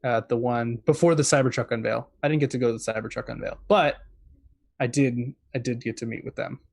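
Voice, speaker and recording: A man's voice: mid-range voice, fairly even intonation, brisk, vocal fry, no echo, clean studio sound. A man in a casual chat as a guest correspondent, rambling with many fillers.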